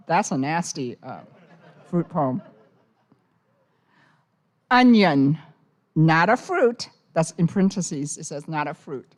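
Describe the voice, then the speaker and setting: A woman's voice: low-pitched, expressive, takes it slowly, pauses often. A woman poet from Hong Kong giving a live poetry reading, with wry, teasing asides between the poems. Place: university poetry center reading room.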